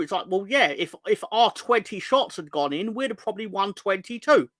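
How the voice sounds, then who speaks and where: Man, fan stream host, bright pitch, dry close sound, cheeky rambling banter. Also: expressive, fairly quick, few pauses, no room sound. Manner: rambling, jokey, sweary banter with chat. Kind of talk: casual live-stream chat.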